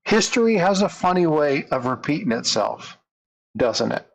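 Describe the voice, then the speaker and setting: A man voicing a gentle, wise old grandfather who speaks softly and patiently to his grandchildren. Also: fairly high pitch, very animated, moderate pace, vocal fry, a little hiss or hum, rough recording. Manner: soft, patient, fond.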